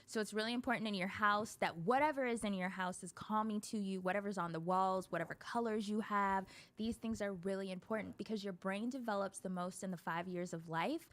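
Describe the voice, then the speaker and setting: A woman therapist talking on a show, chatty and animated, often laughing as she explains things. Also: mid-range voice. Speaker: therapist guest. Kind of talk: casual talk show conversation.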